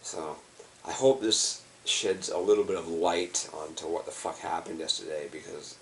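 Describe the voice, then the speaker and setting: Man, exhausted, rambling, profane, deep voice, faint hiss. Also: steady tone, moderate pace, recorded from a distance. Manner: loose, profane, rambling with many fillers. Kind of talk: rambling personal video monologue.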